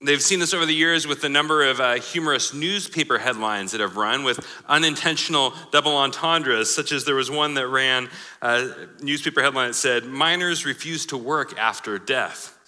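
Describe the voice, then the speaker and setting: A man's voice: mid-range voice, fairly quick, bright, forceful tone. A man preaching a sermon, joking and laughing at his own examples. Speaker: pastor. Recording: live sermon in a hall with long reverb.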